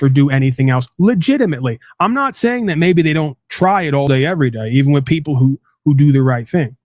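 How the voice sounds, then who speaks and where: A male livestream host who lectures at length, rambling and restarting with frequent fillers. His voice sits at an average pitch. The recording is dry and close. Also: a little mellow, dry recording.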